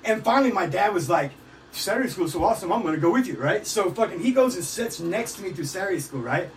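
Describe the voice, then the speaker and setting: A man's voice: sits high, lively intonation, fast talker. A middle-aged man from Missouri telling rowdy, profane stories and laughing in a casual podcast chat. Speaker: podcast co-host. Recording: distant mic with loud background noise.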